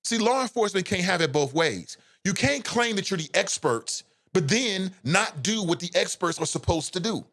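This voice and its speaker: Man, live show host, heated opinion commentary, swooping expressive pitch, blunt, swears freely. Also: normal speed, hardly any pauses. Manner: emphatic, impassioned, blunt and profane.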